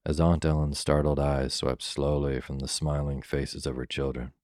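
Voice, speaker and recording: A man reading a classic story aloud in a calm, soothing bedtime manner, close to the mic. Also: a bass voice, moderate pace, no echo.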